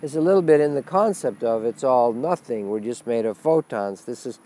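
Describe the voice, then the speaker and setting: Man, mid-pitched spiritual teacher, blunt and profane webcast talk. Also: lively intonation, normal speed, mellow, a little hiss or hum. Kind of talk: webcast monologue.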